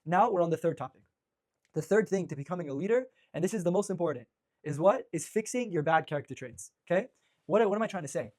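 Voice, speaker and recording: Male rabbi giving a casual lecture, quick delivery, higher-pitched voice, lots of "you know" and restarts. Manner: energetic, rapid, many restarts and fillers. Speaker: rabbi teaching a class. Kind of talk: informal religious lecture.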